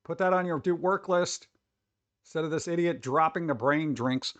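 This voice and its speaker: A man's voice: on the high side, moderate pace, fairly bright tone, dry recording. A man chatting casually on a live stream, rambling, swearing freely and often laughing.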